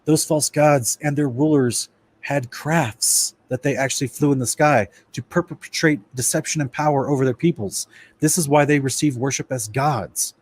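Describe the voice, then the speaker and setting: At a moderate pace and ordinary middle pitch, a man runs a casual, animated Bible study in a lecture format. He speaks directly to his listeners as "guys," stumbling over words and restarting as he reads his notes.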